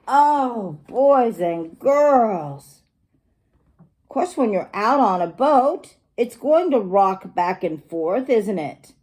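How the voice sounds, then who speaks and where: A teacher reading a picture book aloud to young children, stopping to explain and ask them questions. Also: female voice, fairly high pitch, slow pace, slightly rough. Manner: animated, asks the children questions.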